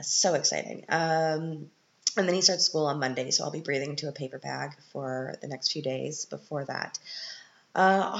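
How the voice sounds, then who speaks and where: A woman's voice: low voice, a bit bright. A woman hosting a casual solo podcast, chatty and upbeat with self-deprecating humor. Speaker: podcast host and parent. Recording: slightly muffled lo-fi audio.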